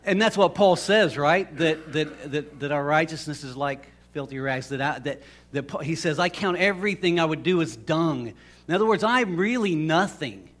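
A man's voice: on the high side, expressive, moderate pace, a bit bright. A man preaching a casual, storytelling sermon, rambling and conversational with many restarts. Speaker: pastor.

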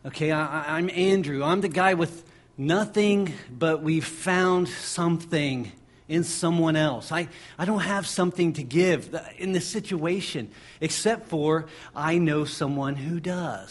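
A man preaching a sermon, impassioned and building through repeated phrases. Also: on the high side. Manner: impassioned, driving repetition.

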